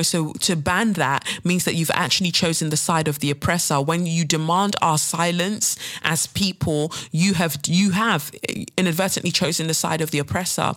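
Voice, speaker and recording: A woman's voice: deep voice, fairly bright tone. Blunt, profane woman host. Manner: blunt, profane and sarcastic, mocking voices. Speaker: podcast host. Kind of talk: opinionated monologue.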